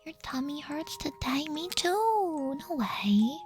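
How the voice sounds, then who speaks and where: A woman streaming ASMR, speaking very close to the mic, whispering soft and doting reassurance and reading chat questions aloud. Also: sits high, drawn-out words, faint music behind.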